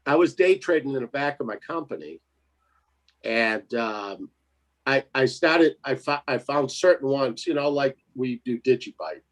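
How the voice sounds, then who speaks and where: A man's voice: mid-range voice, expressive, unhurried. A man telling a story in casual chat, laughing often and acting out the other voices in it. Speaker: co-host.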